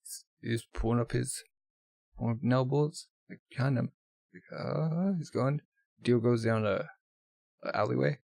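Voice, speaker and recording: Gravelly man reading manga aloud. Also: mid-range voice, moderate pace, darkish tone, dry recording. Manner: stumbles over words and corrects himself. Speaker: manga reader. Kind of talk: casual read-aloud with commentary.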